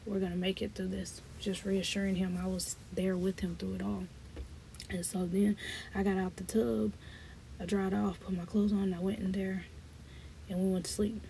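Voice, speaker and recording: Woman host, dark gravelly storyteller, acts out every exchange and talks straight to her listeners. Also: mid-range voice, level tone, normal speed, slight background noise. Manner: reenacts dialogue, talks to listeners as y'all. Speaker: podcast host. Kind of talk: personal storytelling.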